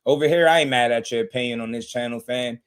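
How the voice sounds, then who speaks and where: Excitable guy, hyping up a boxing fight live, loud then mumbly, laughing a lot. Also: mid-range voice, quick pace, smooth. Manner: animated, laughing, swings from shouting to muttering. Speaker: boxing podcast host. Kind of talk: excited livestream boxing talk.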